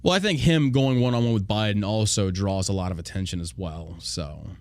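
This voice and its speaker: A man's voice: fairly low pitch, a little fast, no room sound, clean studio sound. A man hosting a casual political podcast, ranting with profanity and sarcasm, mocking others in put-on quoting voices. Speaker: podcast host.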